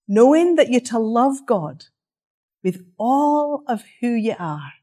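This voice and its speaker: A woman preaching an interactive sermon in a conversational, teaching manner. Her voice sits fairly high and moves a lot, rising and falling as she asks rhetorical questions and sets her listeners talking among themselves. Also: sing-song, slow, mellow.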